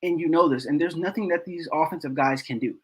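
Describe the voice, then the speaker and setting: A man walks through football game film in casual commentary, repeating points over and over in exasperation. His voice is husky and sits a bit high for a man. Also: fast, low-quality recording. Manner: exasperated, repeats himself for emphasis. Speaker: host of a football film breakdown channel.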